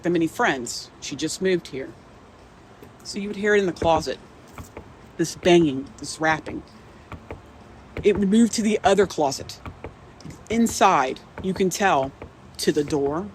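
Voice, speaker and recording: A woman's voice: fairly low pitch, a little hiss or hum. Woman rambling through a scary story. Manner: rambling, restarts, swears, quotes herself. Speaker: guest storyteller. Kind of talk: first-hand telling of a scary story.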